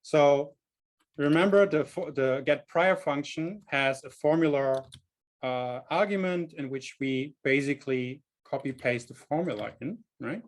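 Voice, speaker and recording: A man's voice: on the high side, measured pace. A man with a German accent teaching a statistics workshop over a video call, explaining step by step with frequent "right?" checks and small self-corrections. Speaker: statistics instructor. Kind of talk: online workshop lecture.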